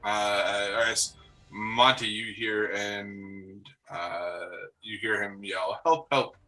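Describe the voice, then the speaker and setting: A man narrating a tabletop game as game master, halting with many ums and uhs. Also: on the low side, little pitch movement, pushed and bright, faint music behind, poor audio.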